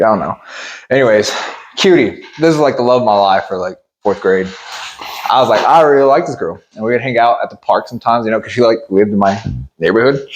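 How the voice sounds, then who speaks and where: A young man co-hosting a podcast, telling a school memory in animated, joking casual chat. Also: fairly low pitch, lo-fi sound, a little hiss or hum. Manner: animated, joking storytelling with laughs. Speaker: podcast co-host.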